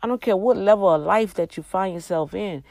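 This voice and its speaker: A tired woman hosting a livestream, giving a faith talk with slow, emphatic, exhorting repeats. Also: medium pitch, gravelly, darkish tone, no echo. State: tired, yawning. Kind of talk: preachy casual livestream talk.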